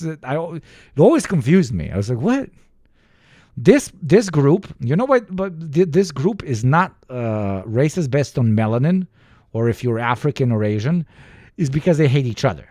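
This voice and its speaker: Speaking at a normal speed in a mid-range, slightly mellow voice with big pitch swings, this young Balkan man from the former Yugoslavia streams profane, ranting reaction commentary and imitates others. The sound is clean studio audio with no echo.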